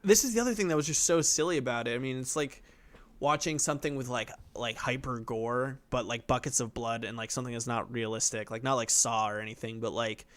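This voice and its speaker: A man's voice: medium pitch, fairly quick, fairly bright tone. A young man co-hosting a podcast in casual chat, rambling with lots of fillers and cursing. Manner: rambling, lots of fillers, swearing, puts on goofy voices. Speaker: podcast co-host.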